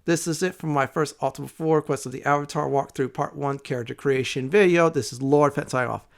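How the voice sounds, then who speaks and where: A man's voice: fairly high pitch, steady tone, a little fast, gravelly. A man hosting a casual let's play video, rambling through his gameplay commentary with frequent "uh" fillers.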